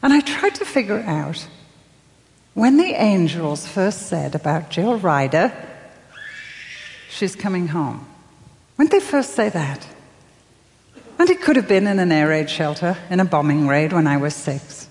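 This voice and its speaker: An older woman giving a sermon, telling her story softly with dramatic pauses and acting out the voices she quotes. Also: fairly low pitch, big pitch swings, long reverb tail. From England. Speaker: speaker.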